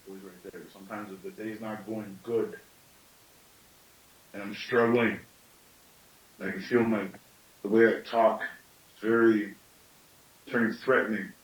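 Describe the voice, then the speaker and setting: A man's voice: lowish voice, level tone, a little slow, long pauses, echoey room, recorded from a distance, low-quality recording. A man in his late thirties giving a thoughtful storytelling talk, often asking himself questions aloud. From Canada. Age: late 30s. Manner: thoughtful, with self-questioning asides. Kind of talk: reflective teaching talk.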